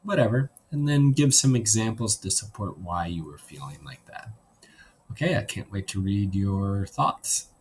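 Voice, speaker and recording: A man, a teacher, reads a novel aloud to his class at an unhurried storytelling pace, voicing the characters' lines, then gives a class assignment. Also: lowish voice, lively intonation, a little mellow, slight background noise.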